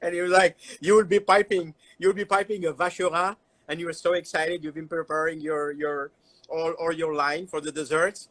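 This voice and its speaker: Man, somewhat high voice, animated, repeats words, casual storytelling. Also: brisk, low-quality recording. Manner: animated, repeats words, broken English phrasing. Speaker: chocolatier guest. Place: Instagram Live stream.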